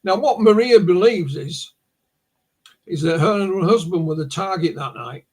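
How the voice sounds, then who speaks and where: A man's voice: high-pitched, expressive, moderate pace, breathy edge. A man with a northern English accent, a guest on a podcast interview, recounting a case as a story and often restarting his words. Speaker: guest researcher.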